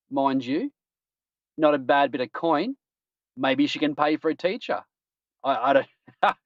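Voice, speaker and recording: Hosting a casual news-roundup podcast, an Australian man cracks jokes about odd stories and laughs at his own puns. His voice is fairly high and there's no room sound, though the stream audio is dull and lo-fi.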